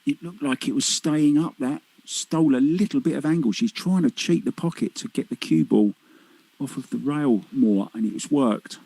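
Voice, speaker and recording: Husky pool commentator. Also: male voice, mid-range voice, normal speed, dark tone, no room sound, low-quality recording. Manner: chatty, teasing, laughs easily. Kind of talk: live sports commentary.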